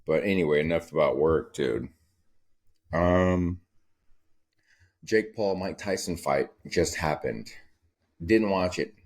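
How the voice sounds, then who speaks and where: A man's voice: deep voice, slow pace, pauses often. A young man hosting a casual solo podcast, telling stories in a profane, rambling way. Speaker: podcast host.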